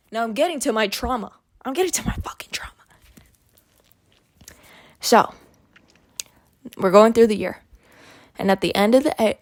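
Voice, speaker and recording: High-voiced young woman ranting heatedly. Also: no echo, studio quality. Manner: heated, profane ranting with emphatic repetition. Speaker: podcast host. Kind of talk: solo podcast monologue.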